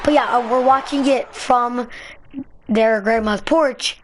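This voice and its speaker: A woman vlogger telling a story in a rambling, excitable way, full of fillers. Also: a little high, takes it slowly, a little hiss or hum. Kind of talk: casual storytelling vlog.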